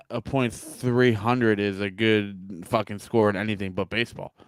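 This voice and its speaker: A man's voice: on the low side, steady tone, a little slow, clear, resonant tone, dry recording, clean studio sound. A man co-hosting a sports podcast in casual chat, gloomy and profane, hedging as he talks. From Philadelphia area. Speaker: podcast co-host.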